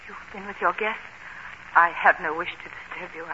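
A woman playing a young, earnest governess, both heroine and narrator of a vintage radio drama, speaking in a soft, measured, restrained way. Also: fairly low pitch, fairly even intonation, a little hiss or hum. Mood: gentle. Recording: dull old radio recording with loud music. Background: loud music score.

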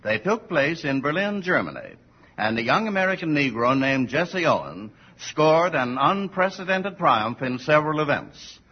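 A man giving scripted documentary narration in a measured, emphatic way. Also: a little high, sing-song, husky, lo-fi sound.

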